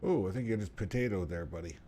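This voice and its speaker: A man with a low, mellow voice banters through a gaming stream, teasing his partner in a relaxed way. A faint rumble runs underneath him. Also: fast talker. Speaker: co-player on a stream. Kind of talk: casual gaming stream chat.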